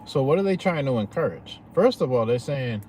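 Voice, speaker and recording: A man's voice: medium pitch, big pitch swings, fairly quick, mellow, a little hiss or hum. A man talking to his viewers in a loose, slangy, profane rant, often asking "you know what I'm saying". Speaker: vlogger.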